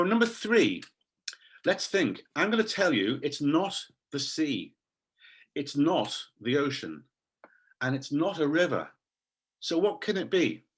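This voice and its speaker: A man leading an online teacher training session over a video call, enthusiastic and animated as he quizzes his audience. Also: fairly high pitch, breathy edge. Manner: quizzes the audience, reads names from chat.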